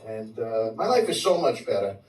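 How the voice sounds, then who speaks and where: A man's voice: medium pitch, big pitch swings, moderate pace, darkish tone. A man from New doing brash stand-up with stammered restarts and crude punchlines. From New York City. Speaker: stand-up comic. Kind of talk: live stand-up set. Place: comedy club stage with audience. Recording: roomy live club recording from a distance. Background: audience laughter.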